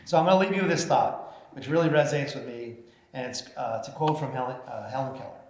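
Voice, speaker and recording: A man's voice: medium pitch, fast, a little mellow. A middle-aged man, a mayor, giving an award acceptance speech as a folksy storyteller with hesitant fillers, into a podium microphone in a large event hall. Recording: echoey hall, faint noise.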